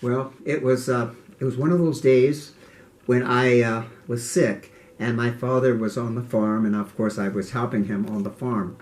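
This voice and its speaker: An older man telling childhood memories in an interview, earnest and halting, often repeating words. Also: mid-range voice, steady tone, a little mellow. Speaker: interviewee, martial arts teacher. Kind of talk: reflective interview storytelling.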